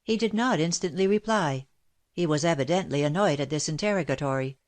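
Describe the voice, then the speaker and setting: A woman narrating a classic novel as an audiobook in a steady, measured reading. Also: sits low. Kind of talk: scripted narration.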